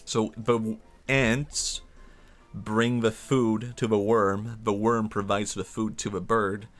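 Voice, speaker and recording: A man streaming a game, riffing in an excitable, rambling way and laughing at his own ideas. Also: lowish voice, slow pace, faint music behind. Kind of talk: casual gameplay commentary.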